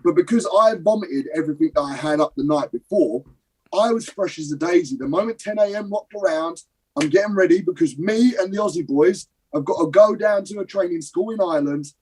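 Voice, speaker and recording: A young adult man from Britain, the guest on an interview show, tells an animated story. He swears casually and acts out scenes. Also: sits high, fairly quick, husky, low-quality recording. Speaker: guest, professional wrestler. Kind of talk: animated anecdote telling.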